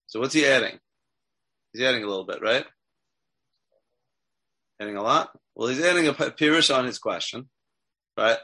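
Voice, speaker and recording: A man's voice: mid-range voice, vocal fry, pushed and bright. A man teaching a text class as a rabbi, asking his students questions and checking in with them often. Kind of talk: interactive Torah class.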